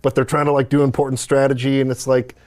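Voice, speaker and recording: A man in casual conversation, musing out loud at a relaxed, thoughtful pace. His voice sits at an ordinary middle pitch, and he strings his ideas together with frequent fillers as he thinks aloud. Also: fast talker. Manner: thoughtful, rambling, many "like" fillers. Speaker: streamer host. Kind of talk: casual chat about a video game.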